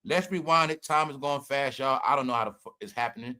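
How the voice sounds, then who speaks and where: A man's voice: mid-range voice, quick pace, sharp tone. A man hosting a podcast livestream, ranting in casual commentary, profane and mocking, laughing often. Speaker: podcast host.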